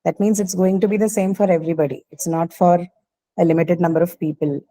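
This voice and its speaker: A woman's voice: lowish voice, fairly even intonation, a little fast, dark tone, poor audio. A woman teacher explaining a grammar point patiently in an online class, often checking in with the students. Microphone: video call.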